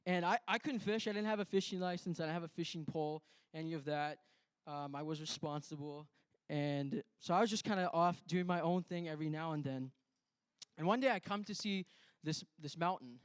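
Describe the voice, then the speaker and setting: A man's voice: a little high, a little fast, smooth, no room sound. A young man from Canada giving a conversational testimony at a church, telling a story with quoted self-talk and frequent restarts. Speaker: church speaker.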